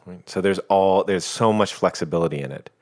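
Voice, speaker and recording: A man talking as a podcast guest, explaining ideas in a calm, reflective and playful way. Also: deep voice, a little fast. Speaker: guest, coach. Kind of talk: reflective conversation.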